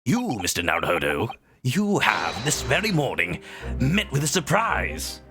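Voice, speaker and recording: A man's voice: medium pitch, huge pitch swings, measured pace, music in the background. A man voicing an eccentric, grandiose male detective. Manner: grandiose, theatrical.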